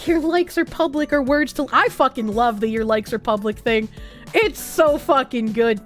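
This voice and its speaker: A woman's voice: sits high, normal speed, soft background music. A young woman livestreamer in casual chat, reading viewer messages aloud, laughing often and swearing freely.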